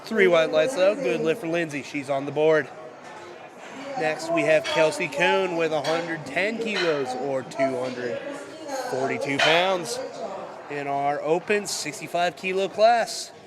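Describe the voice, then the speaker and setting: A man with a congested voice commenting live on a powerlifting meet, with relaxed, self-correcting play-by-play and dry asides. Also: on the high side, measured pace, a loud crowd. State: congested from a cold.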